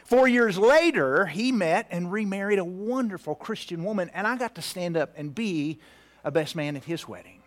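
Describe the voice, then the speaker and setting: Fifties guy preaching, tender story, gets soft and hushed sometimes, kinda high voice. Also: expressive, normal speed. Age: 50s. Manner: heartfelt, drops to a hushed near-whisper at tender moments. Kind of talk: personal story in a sermon.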